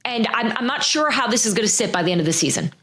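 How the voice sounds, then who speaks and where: A middle-aged woman co-hosting a sports podcast, talking in an animated, chatty way full of fillers and restarts. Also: fairly high pitch, fast talker. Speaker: podcast host, NFL insider. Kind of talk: casual chat.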